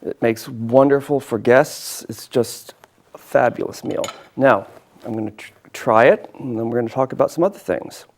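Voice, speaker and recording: A man's voice: medium pitch, moderate pace. A man hosting a local cooking show, chatting casually and enthusiastically while he eats and sometimes talks with his mouth full.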